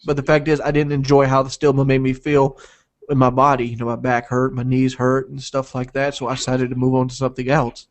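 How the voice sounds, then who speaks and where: A man's voice: medium pitch, completely flat delivery, fairly quick. A man speaking bluntly and defensively in a heated live call-in chat. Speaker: online streamer.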